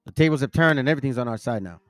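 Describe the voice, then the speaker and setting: A man's voice: mid-range voice, animated, racing, no echo, clean studio sound. A man hosting a casual bible teaching talk, reading verses aloud, rambling and stumbling over names as he corrects himself. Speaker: bible teaching channel host.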